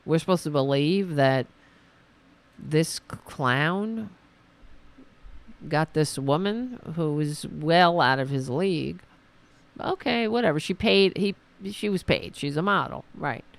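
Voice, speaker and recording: A woman hosting a political commentary podcast, ranting sarcastically and mocking opponents in high put-on voices. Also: animated, slow, vocal fry.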